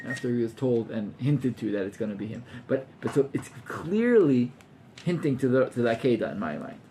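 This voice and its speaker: A man's voice: mid-range voice, gravelly, darkish tone, a little hiss or hum. A man, a rabbi teaching an informal class to students, talking animatedly and acting out scenes with gasps while mixing in Hebrew terms.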